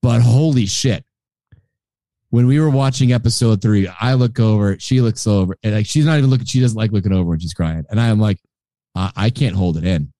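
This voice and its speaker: Man, podcast co-host, casual chat, warm mellow voice, relaxed joking manner. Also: lowish voice, fairly quick, no echo, studio quality.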